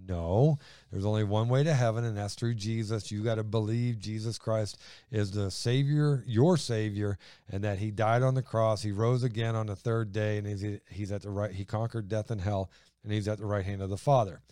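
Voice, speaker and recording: A man's voice: on the low side, steady tone, moderate pace, dark tone, clear, resonant tone, no room sound, clean studio sound. A man hosting a faith talk show, explaining Bible verses in a plainspoken, step-by-step way. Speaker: host and Bible teacher. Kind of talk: casual Bible teaching.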